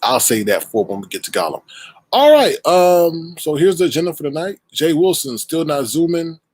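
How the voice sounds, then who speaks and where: Guy hosting his own stream, shouting out chat names, playful, a bit raspy, dead dry room. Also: fairly high pitch, dry recording, low-quality recording. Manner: playful, animated shout-outs with drawn-out greetings. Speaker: show host and creator. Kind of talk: casual livestream chat, greeting viewers.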